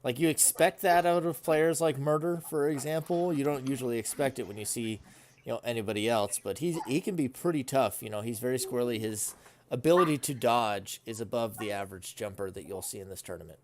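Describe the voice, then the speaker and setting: A man in a casual online gaming chat, talking in a measured way and weighing players' strengths with hedged opinions. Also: mid-range voice, a little hiss or hum. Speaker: co-commentator.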